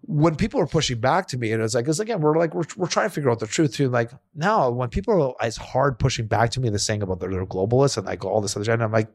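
A man's voice: mid-range voice, animated, fast talker, hardly any pauses. A man co-hosting a podcast, talking in a loose, rambling way with many restarts and quoted voices. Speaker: podcast co-host. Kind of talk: casual chat.

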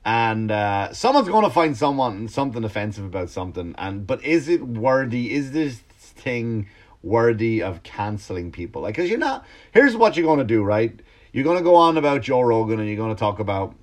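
A male comedian on a podcast ranting in a casual, animated monologue, swearing freely and restarting his sentences. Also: lowish voice, brisk.

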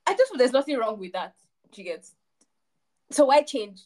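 A woman's voice: high-pitched, very animated, normal speed, darkish tone. A young woman co-hosting a casual podcast chat, emphatic and rambling, with frequent laughs. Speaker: podcast co-host.

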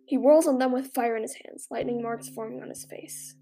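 Woman narrator, high voice, gravelly, mellow tone, dramatic fan-story reading, faint music underneath. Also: fairly even intonation, fairly quick.

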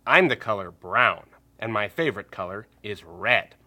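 A man's voice: fairly low pitch, expressive, moderate pace, pushed and bright, exaggerated voice. A man voicing a playful, friendly brown dog who asks children to join in. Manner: cheerful, inviting children to join in.

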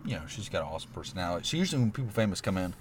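Deep-voiced man telling a story. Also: rapid-fire, a little hiss or hum. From Alabama. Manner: animated, laughs often, says "bro". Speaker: podcast guest. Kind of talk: casual storytelling.

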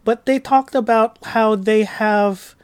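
A man co-hosting a podcast in casual chat, telling stories in a relaxed, wry way. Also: high voice, slow, smooth, no echo. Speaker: podcast co-host.

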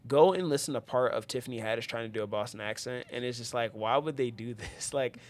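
A man chatting casually as a podcast host, his voice sitting at an ordinary middle pitch. He rambles along, leaning on fillers and restarting his sentences. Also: quick pace. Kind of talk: casual chat.

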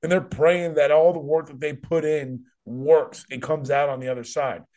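A man's voice: a little high, fairly even intonation, moderate pace, a little mellow. A man hosting a podcast, rambling emphatically and repeating himself in casual chat. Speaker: podcast host.

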